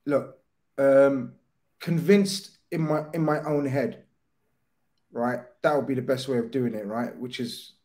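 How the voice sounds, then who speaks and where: A man's voice: medium pitch, fairly even intonation, unhurried, mellow. A man, a guest in a casual football chat, telling stories animatedly and swearing freely.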